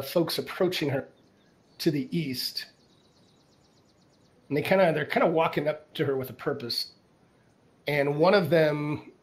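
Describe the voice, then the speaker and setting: A man running a tabletop game as game master, narrating casually with many restarts. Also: a little high.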